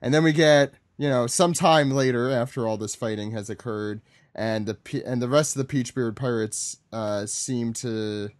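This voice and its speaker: A man's voice: medium pitch, normal speed, no room sound. A man from Long Island hosting a podcast, talking casually and rambling with lots of fillers and self-corrections. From Long Island, United States. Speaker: podcast host. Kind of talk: casual chat recapping a comic chapter.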